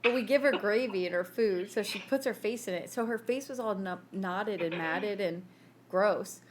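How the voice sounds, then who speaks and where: A woman's voice: mid-range voice, normal speed. A woman co-hosting a casual chat podcast, telling stories with lots of laughter and acted-out quotes. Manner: animated storyteller, laughs often, acts out quotes. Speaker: podcast co-host.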